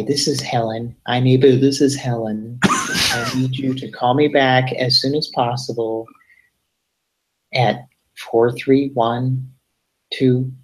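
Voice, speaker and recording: Man doing a stilted robocall lady, glitchy and repetitive, slow and halting. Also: medium pitch, voice pushed up, poor audio. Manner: halting, stilted, repeating phrases. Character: skipping automated robocall woman voice.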